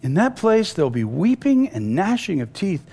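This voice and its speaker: A male preacher giving a conversational sermon, telling stories with lively restarts and asides. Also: high-pitched, moderate pace, slightly rough. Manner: conversational and animated, with frequent restarts and storytelling.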